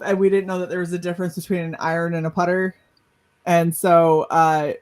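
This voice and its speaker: Animated woman telling a story. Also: fairly low pitch, rough recording. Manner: animated, swearing, laughing storyteller. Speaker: podcast panelist. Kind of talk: casual storytelling chat.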